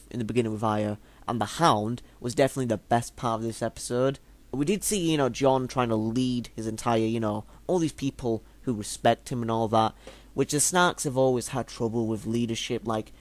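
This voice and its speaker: A young man talks through a TV episode in a loose, rambling review. His pitch sits in a middling range for a man. He fills his talk with fillers and drops swear words casually. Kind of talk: casual video review monologue.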